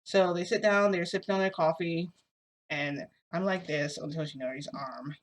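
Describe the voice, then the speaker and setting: A woman telling a long story to her camera in a rambling, animated way, with lots of fillers, filmed indoors at home. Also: fairly low pitch, moderate pace. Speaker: vlogger. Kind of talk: casual storytelling vlog. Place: indoors at home under a bright light.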